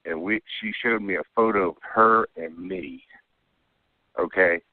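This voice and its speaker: A man's voice: low voice, a little slow, no room sound. A man calling in to tell a rambling first-person story, often checking in with "okay?" and "you know". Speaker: caller telling an abduction story. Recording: tinny phone line, dry.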